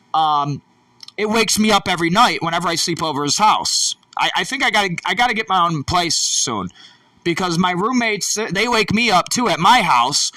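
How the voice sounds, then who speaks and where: A man's voice: high-pitched, sharp tone. A young man vlogging, talking in a rambling, profane and agitated late-night rant, a bit distant from the mic. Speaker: YouTube vlogger.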